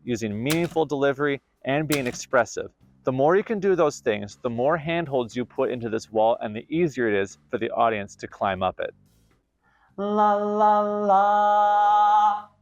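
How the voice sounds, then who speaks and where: Man teaching acting with lively pitch. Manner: clear, deliberate explanatory delivery. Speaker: theater camp host and acting teacher. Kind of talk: scripted instructional narration.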